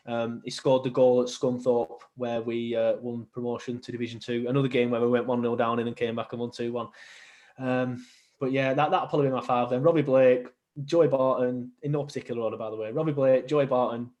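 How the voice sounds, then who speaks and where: A man's voice: medium pitch, darkish tone. Chatty young man. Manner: chatty, rambling, with many ums and restarts. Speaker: podcast guest, football fan. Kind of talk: casual chat.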